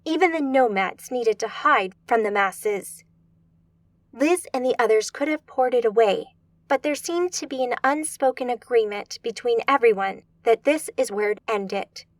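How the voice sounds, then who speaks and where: A woman reads an urban fantasy audiobook with steady, measured pacing. Her voice sits somewhat high, recorded close and dry with no room sound. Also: no room sound. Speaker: audiobook narrator. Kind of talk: scripted audiobook narration.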